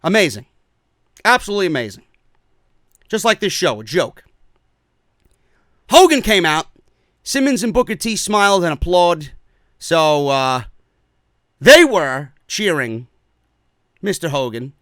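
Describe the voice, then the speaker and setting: A man's voice: on the high side, very animated, slow pace, long pauses, fairly bright tone, no room sound, studio quality. A man ranting his way through a wrestling show review, profane and sarcastic.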